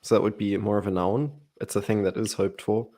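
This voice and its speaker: A man explaining Greek grammar in a relaxed Bible study chat, playful and laughing often. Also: on the low side, a little fast.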